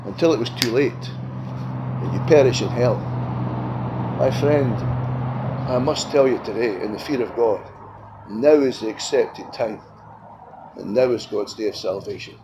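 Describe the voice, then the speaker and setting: A man preaching an evangelistic sermon at a tent meeting, swinging between loud appeals and hushed, quiet lines. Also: mid-range voice, moderate pace, long pauses, lo-fi sound, background noise.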